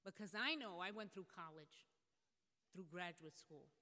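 A woman's voice: fairly low pitch, unhurried, sharp tone. A woman college president telling a personal story from a stage in an earnest, reflective way, with small hesitations. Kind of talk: personal story told in a public speech. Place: stage in a large hall. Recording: long reverb of a large hall.

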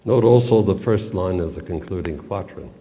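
A man lecturing on expressive poetry reading, with measured, deliberate and precise academic diction. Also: sits low, in a large hall.

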